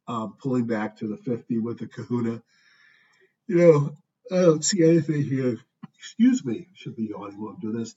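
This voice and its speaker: A man's voice: lowish voice, slightly rough. A man talking through stock charts in an offhand, thinking-aloud way, with frequent ums and asides. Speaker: stock market commentator. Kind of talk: casual screen-share market review. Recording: dull distant mic with faint noise.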